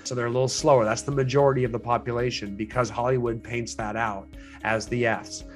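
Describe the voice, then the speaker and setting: A man's voice: mid-range voice, little pitch movement, a little fast, soft background music. A man teaching a sales training session to real estate agents, explaining in a conversational way with frequent restarts and fillers.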